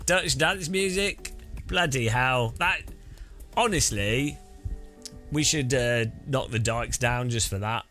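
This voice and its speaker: A man's voice: medium pitch, slow pace, sharp tone, faint music behind. A man casually chatting on a sim-racing live stream, joking and rambling as he reads chat aloud.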